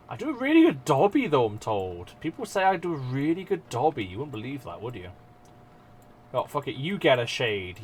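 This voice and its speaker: Male streamer, casual live chat, animated delivery, swears freely, self-mocking. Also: medium pitch, slight background noise.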